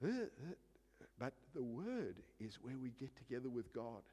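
A man preaching a sermon as pastor, animated, dropping quiet and then shouting, acting out little scenes. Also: medium pitch, unhurried, husky, in a large hall.

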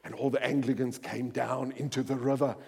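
A man's voice: mid-range voice, little pitch movement, a little fast, vocal fry, mellow, breathy edge. A middle-aged man preaching a sermon through rambling personal anecdotes full of fillers. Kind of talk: storytelling sermon. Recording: long hall reverb.

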